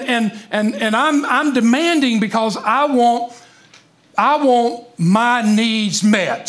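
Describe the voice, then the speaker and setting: A high-pitched man preaches to a congregation in a church. He is emphatic and energetic, speaks straight to his listeners and stumbles over repeated words when fired up. His tone stays plain and conversational between the bursts of emphasis. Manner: emphatic, engages congregation directly. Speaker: pastor. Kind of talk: sermon.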